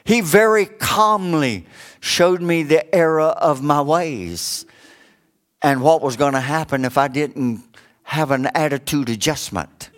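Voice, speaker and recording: Slow, high-pitched preaching man. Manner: swings from raised preaching to low joking asides. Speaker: pastor. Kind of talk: sermon.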